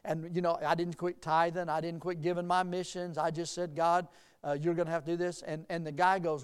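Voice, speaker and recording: A middle-aged male pastor preaching a sermon, telling folksy personal stories and rising to emphatic, lively preaching. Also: on the high side, fairly quick, clear, resonant tone.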